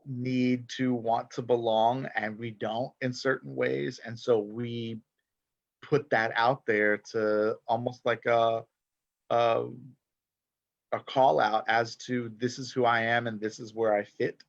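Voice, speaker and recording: Animated man in his forties. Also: medium pitch, slow pace, creaky, no echo, highs cut off. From Texas. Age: 40s. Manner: animated, many "like" fillers, mixes in Spanish. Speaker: poet guest. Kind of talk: casual conversation.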